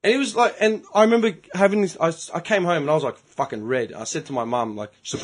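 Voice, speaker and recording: A middle-aged Australian man telling a story in casual podcast chat, animated and profane. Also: a little high, quick pace, hardly any pauses. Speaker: podcast host.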